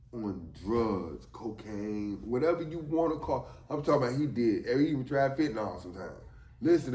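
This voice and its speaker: A man telling a story from his time in jail, animated and emphatic, often asking "you know what I'm saying". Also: medium pitch, roomy sound. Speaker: storyteller, former inmate. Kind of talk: casual spoken storytelling.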